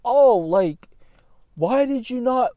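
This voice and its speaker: A man's voice: animated, takes it slowly, dry recording, highs cut off, heavily acted. A man mocking a whiny clingy partner. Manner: whiny, high-pitched mock complaining.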